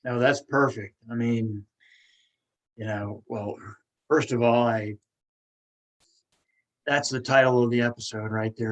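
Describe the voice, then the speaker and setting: A man's voice: mid-range voice, steady tone, a little slow, long pauses, poor audio. A man hosting a podcast, talking casually and encouragingly while he stutters, repeating words and restarting. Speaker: podcast host.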